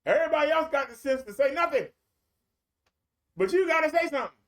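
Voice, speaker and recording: A man's voice: extremely high pitch, lively intonation, fast. A man preaching a streamed sermon in a colloquial, repetitive storytelling way.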